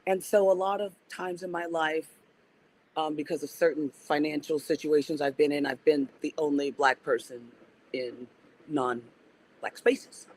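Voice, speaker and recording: A woman's voice: low voice, steady tone, a little slow, a little mellow, a little hiss or hum, poor audio. A woman guest on a podcast, an organizer and activist, talking reflectively and restarting her sentences as she thinks. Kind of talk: casual interview conversation.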